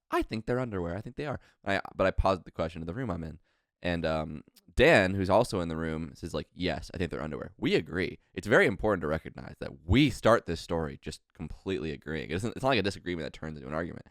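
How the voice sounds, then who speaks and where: A man's voice: sits low, fairly bright tone, dry recording, clean studio sound. A young man telling a long story on a casual podcast, rambling and restarting often. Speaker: podcast co-host.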